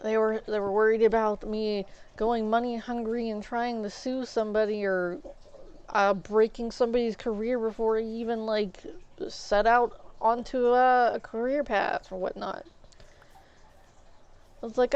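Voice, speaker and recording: A woman's voice: fairly high pitch, measured pace, smooth, muffled recording. A woman telling rambling stories on a stream, acting out what others said. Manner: rambling, animated, acts out quoted people. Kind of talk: casual storytelling while gaming.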